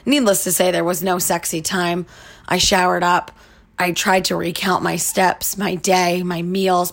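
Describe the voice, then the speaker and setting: Gravelly low-voiced woman telling a candid story. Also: steady tone, moderate pace. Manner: chatty and candid, many likes and you-knows. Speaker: podcast host. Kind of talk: casual storytelling monologue.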